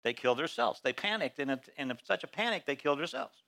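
With a fairly high voice and a fast delivery, a male pastor preaches in church, telling Bible stories animatedly and giving voice to the characters.

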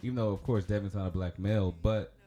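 Fast, warm, and fairly low with fairly even intonation, this podcast host's voice carries a casual personal story. He rambles and chats, laughs frequently, and fills his speech with fillers.

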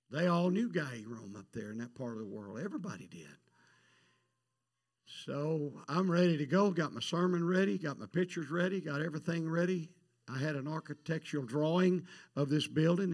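A preacher with a somewhat high voice tells a missions story from the pulpit. He drops to quiet asides, then builds to loud, emphatic peaks. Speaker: pastor.

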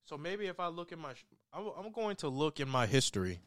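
A man's voice: a little high, sing-song, a little fast, fairly bright tone, no room sound, studio quality. A young man casually reviewing a short film in a rambling way, with restarts, swearing and laughs. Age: young adult. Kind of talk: casual chat.

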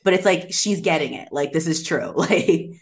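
A woman's voice: low-pitched, moderate pace. A woman co-hosting a podcast, retelling film scenes in casual chat, acting out lines and laughing often. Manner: animated retelling, slips into quoted voices, laughs often. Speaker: podcast co-host.

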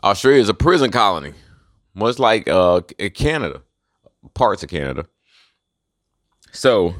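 Low, dry-voiced man ranting. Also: a bit bright, dry recording. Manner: profane, heated, conspiratorial ranting. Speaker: host. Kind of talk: solo rant monologue.

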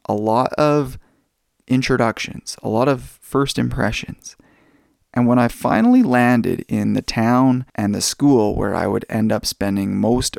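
A man hosting a podcast and telling stories in a relaxed, casual way. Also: on the low side, vocal fry, no echo. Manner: relaxed storytelling. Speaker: podcast host.

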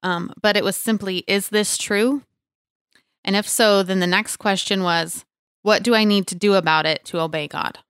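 A woman's voice: mid-range voice, fairly even intonation, moderate pace, fairly bright tone, clean tone, no echo, studio quality. A young adult woman hosting a casual faith podcast, talking in an earnest, chatty way with many fillers. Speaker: podcast host.

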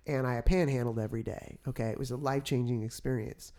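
A man co-hosting a faith-based chat, retelling his experiences in an animated, storytelling way. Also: medium pitch, quick pace. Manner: animated storyteller, gets excited retelling events.

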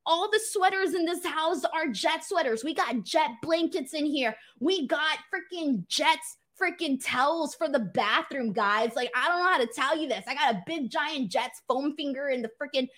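A woman with a high, slightly bright voice talks at a moderate pace with barely any pauses. She's a wrestling show host based in Los Angeles, running a live stream from home where she reads super chats and viewer messages aloud, chatting casually and animatedly and laughing often.

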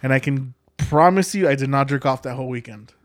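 A man's voice: mid-range voice, a little fast, no echo, studio quality. Crude, bantering podcast co-host man. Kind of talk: casual chat.

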